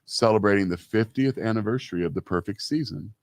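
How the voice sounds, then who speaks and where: A man's voice: fairly low pitch, fast talker, no room sound. A man in his fifties co-hosting a casual talk show, telling stories with many "you know" fillers. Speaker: co-host. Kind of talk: casual radio-style chat.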